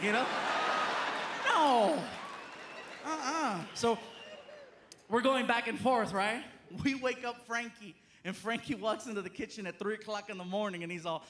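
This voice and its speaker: A man doing a live stand-up comedy set on a theater stage, telling stories in an animated way with laughs and asides. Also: sits high, a little slow. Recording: noisy live crowd in a theater.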